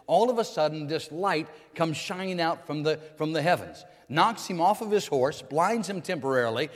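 A male pastor preaching a sermon, building to emphatic, rising declarations. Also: a little high. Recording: long hall reverb.

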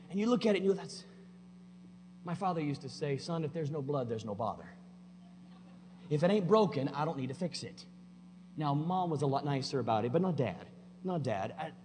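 A man with a fairly high voice preaches a sermon in a church. He is folksy and plainspoken, rising to loud emphatic declarations and dropping to quiet asides. His voice rings in the long reverb of the hall over a faint hum. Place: church sanctuary.

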